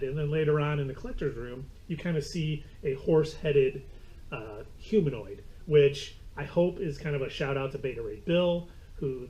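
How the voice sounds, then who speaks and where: A man's voice: mid-range voice, dark tone, low-quality recording. A man co-hosting a casual movie recap, an eager fan who drifts into comic-book trivia. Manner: enthusiastic fan, digresses into comic-book lore. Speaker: co-host.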